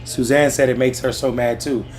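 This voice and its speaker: A man's voice: mid-range voice, fairly even intonation, moderate pace, darkish tone. A man hosting a political livestream, ranting with profanity and heat and talking straight to his chat, from a lounge. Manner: profane, fired-up, talks to the chat. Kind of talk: heated live political rant. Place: lounge in Washington with TVs on. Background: music and TVs in the background.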